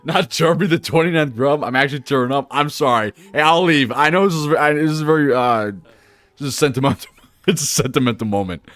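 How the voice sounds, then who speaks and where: A man live-streaming a video game, animated, laughing and chatting with his viewers. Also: fairly high pitch, a little fast, no room sound. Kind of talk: live gameplay commentary.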